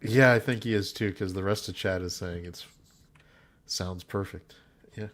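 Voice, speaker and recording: A man co-hosting a casual stream, rambling with halting restarts about movies. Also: deep voice, fairly bright tone. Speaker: podcast co-host. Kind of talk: casual hangout stream chat.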